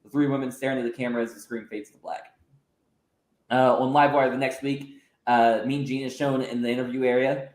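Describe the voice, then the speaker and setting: A man's voice: medium pitch, level tone, fairly quick. A man hosting a podcast, casually narrating fantasy wrestling storylines with frequent filler sounds. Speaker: podcast host. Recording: roomy echo.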